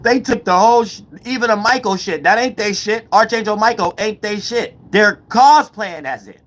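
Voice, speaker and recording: A man's voice: high voice, moderate pace, a bit bright. A man hosting his own channel, talking in a rambling, slangy, profane monologue and often asking "you know what I'm saying". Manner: slangy, profane, loose grammar. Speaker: channel host. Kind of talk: casual monologue to viewers.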